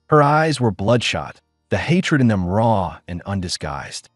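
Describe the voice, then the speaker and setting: Low-voiced man narrating a drama. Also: sing-song, a little slow, no room sound, clean studio sound, soft background music. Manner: weary, bitter storytelling. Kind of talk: first-person audiobook drama narration.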